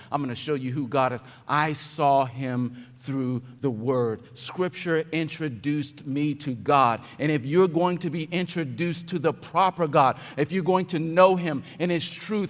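A man preaching a sermon as pastor, dropping to quiet reflection and then building to loud, emphatic declarations. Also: mid-range voice. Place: church sanctuary. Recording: long hall reverb.

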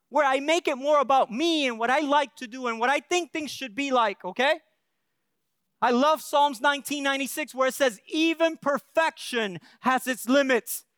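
Brief: male pastor preaching, very high smooth voice, earnest and conversational, dry close recording. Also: a bit bright, no room sound. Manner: earnest, keeps checking in with the congregation, frequent restarts. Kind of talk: sermon.

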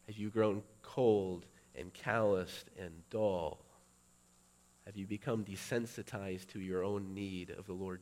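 A middle-aged male pastor preaching a sermon, building to loud, emphatic peaks. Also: fairly low pitch.

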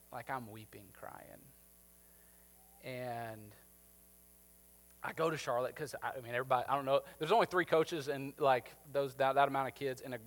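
A man, preaching a sermon and telling a personal story, moving from lively to hushed and tender. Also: medium pitch. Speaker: pastor.

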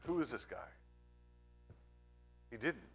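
Bright-voiced, earnest male preacher. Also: medium pitch, animated, slow pace, husky, faint music behind. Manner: earnest, swings from emphatic to hushed. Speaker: pastor. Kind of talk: sermon.

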